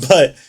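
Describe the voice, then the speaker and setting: A man's voice: fairly high pitch, husky. A young man co-hosting a podcast, telling stories in a casual, profane, laughing way. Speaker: podcast co-host. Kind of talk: casual chat.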